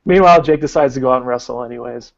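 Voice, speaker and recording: Man, 30s, podcast co-host, gravelly voice, rambling excitable storytelling, dry muffled sound. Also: medium pitch, racing, no room sound. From Arkansas. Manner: rambling, excitable, heavy use of "like". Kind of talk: casual storytelling.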